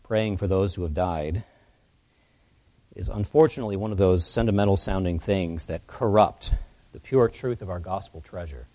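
A man's voice: low voice, normal speed, dark tone. A man preaching an expository sermon as pastor, earnest and emphatic, his voice rising and falling as he presses his points.

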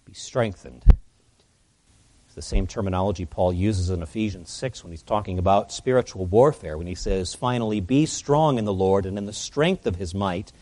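A man's voice: on the low side, dark tone. A man preaching an expository sermon as pastor, earnest and emphatic, his voice rising and falling as he presses his points.

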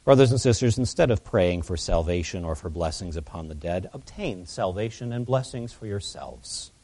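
A man's voice: sits low, expressive, normal speed, darkish tone. A man preaching an expository sermon as pastor, earnest and emphatic, his voice rising and falling as he presses his points.

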